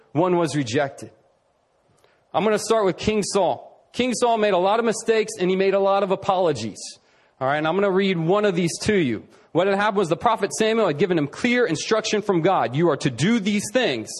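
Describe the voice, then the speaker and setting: Animated higher-pitched male preacher. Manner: animated, shifts from quick to slow emphatic delivery; acts out quoted voices, drops to a soft low tone. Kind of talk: sermon.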